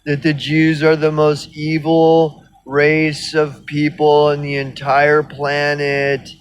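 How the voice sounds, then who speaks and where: Slow-talking, rambling, profane man. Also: on the high side, monotone, clear, resonant tone, no echo, lo-fi sound. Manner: rambling, profane, sardonic, many fillers. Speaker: video blogger. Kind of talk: casual rant.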